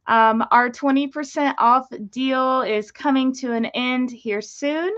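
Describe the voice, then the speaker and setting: A woman's voice: a little high, takes it slowly, hardly any pauses, a bit bright, muffled recording. A woman hosting a casual livestream about geckos, chatty and easily distracted, talking to viewers. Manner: chatty, easily distracted, baby-talks to her parrot. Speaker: livestream host and gecko breeder.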